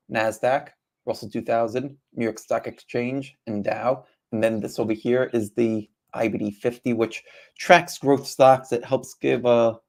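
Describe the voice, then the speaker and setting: A man's voice: medium pitch, gravelly, a little mellow. A man hosting a live trading stream, chatty and casual, asking rhetorical questions and greeting viewers as they join.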